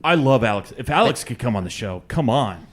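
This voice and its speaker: A male podcast co-host talks casually with a lively, bouncing inflection. He keeps things easygoing and steers the group along. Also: mid-range voice, a little fast. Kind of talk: casual chat, leading a group game.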